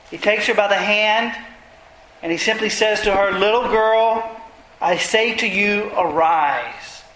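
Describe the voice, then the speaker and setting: A man's voice: high voice, a bit bright, slight background noise. A man preaching an expository sermon, retelling scripture passages earnestly and pressing his points with emphasis. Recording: roomy echo.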